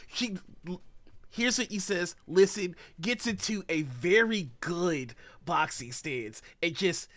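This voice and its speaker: A game master narrating a tabletop game in an animated way and laughing often. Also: mid-range voice, slow pace, no room sound.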